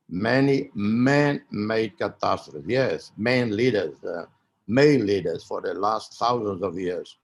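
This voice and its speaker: A man with a fairly low, gravelly voice delivers a formal opening address. He speaks in a measured, emphatic way and often pauses on "uh" as he builds his points. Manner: measured, emphatic, with frequent uh fillers. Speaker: keynote speaker.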